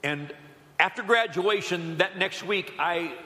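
A man preaching a sermon in a church, building to loud emphatic calls and dropping to soft low asides. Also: unhurried, reverberant, long reverb tail. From Southern California. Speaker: pastor. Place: church building on a Sunday morning.

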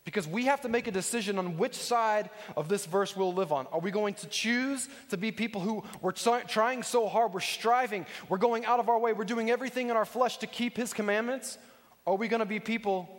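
A man's voice: sits high, normal speed, in a large hall. A man preaching a sermon as a pastor, earnest and conversational, often putting direct questions to the congregation.

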